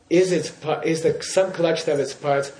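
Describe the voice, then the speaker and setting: A man's voice: a little high, steady tone, unhurried, heavy background noise. A man giving a Buddhist teaching in class, in a playful way, often checking in with his listeners. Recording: roomy hall echo.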